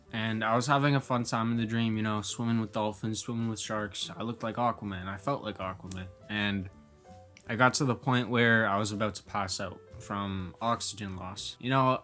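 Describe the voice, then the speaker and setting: A young man telling a personal story to camera. He talks in a casual, animated way, often says "like", and acts out his own reactions. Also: on the low side. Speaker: vlogger telling personal stories.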